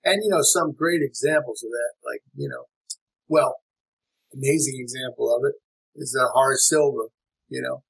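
Husky-voiced man musing on music. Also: medium pitch, normal speed, a bit bright, rough recording. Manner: reflective, frequent fillers and restarts, chuckles. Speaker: jazz musician and teacher. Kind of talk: relaxed interview conversation.

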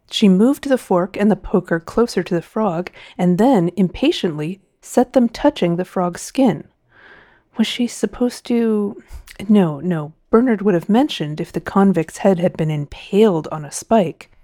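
A woman narrating a novel in an expressive, measured storytelling voice, close to the mic. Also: medium pitch, no echo. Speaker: audiobook narrator. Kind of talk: scripted narration.

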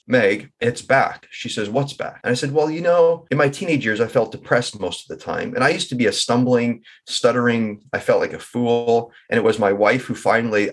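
A man's voice: on the low side, breathy edge. A middle-aged man telling his personal story in an interview, reflective and candid, with an occasional stammer. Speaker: guest.

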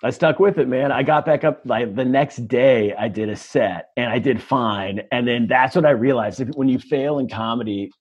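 A man's voice: mid-range voice, moderate pace, hardly any pauses, breathy edge, highs cut off. A male stand-up comedian telling stories in a casual interview, self-deprecating and rambling with restarts.

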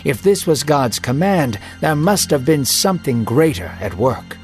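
A man's voice: on the high side, big pitch swings, unhurried, soft background music. Man narrating a dramatic Bible story.

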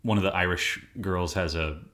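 A man with a very low voice chats casually as a podcast co-host. He talks in a laid-back, playful way, easygoing and unhurried. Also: fairly even intonation, a bit bright. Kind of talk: casual chat.

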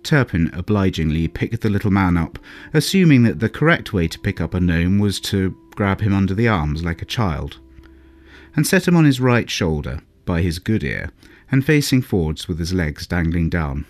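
A man narrating a fairy tale in a calm, measured storybook reading. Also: deep voice. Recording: soft music underneath.

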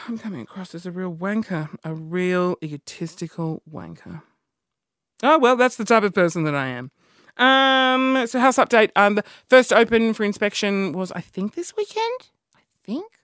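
A young woman with an Australian accent hosts a casual monologue, rambling animatedly and poking fun at herself. Her mid-range voice moves at a moderate pace, recorded with clean studio sound and no echo.

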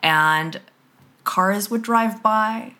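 A woman's voice: mid-range voice, very slow, bright, forceful tone. A woman guest in a casual interview, talking in a rambling way with many fillers and restarts and laughing often.

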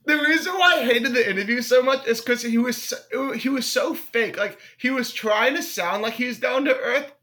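A young man chatting on a podcast with a high, bright, sharp-edged voice. He talks in an animated, loose way, swearing freely and slipping into silly impressions. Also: moderate pace, few pauses. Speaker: podcast co-host. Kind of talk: casual podcast chat.

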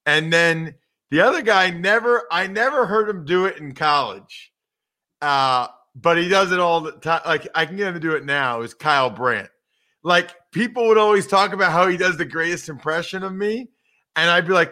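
A man co-hosting a sports podcast, talking in an animated, conversational, self-mocking way. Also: a little high, moderate pace. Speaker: podcast co-host. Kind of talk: casual sports talk.

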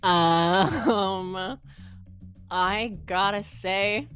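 A woman guest on a comedy podcast, joking absurdly through rapid-fire questions over a video call. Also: on the low side, soft background music. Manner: playful absurd joking, breaks into squeals.

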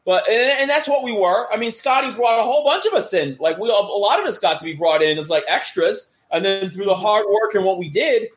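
A man's voice: high voice, a little fast, hardly any pauses. A middle-aged man, a former wrestler, telling backstage stories in a casual chat and acting out the voices of people he quotes. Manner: animated, acts out quoted voices. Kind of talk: casual storytelling.

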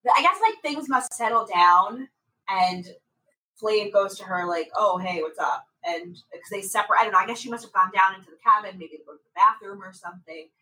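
A woman co-hosting a casual podcast, telling a story with lively acted-out quotes and plenty of swearing. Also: mid-range voice, brisk, distant mic, rough recording. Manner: animated storytelling, acts out quotes, swears freely. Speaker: podcast co-host. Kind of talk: casual recap chat.

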